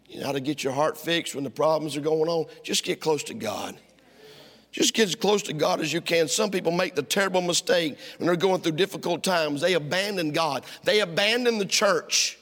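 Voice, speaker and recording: A middle-aged pastor delivers a sermon in a church sanctuary, his voice high and bright. He swings between loud, driving lines and hushed ones, and the hall gives his words a long echo. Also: moderate pace.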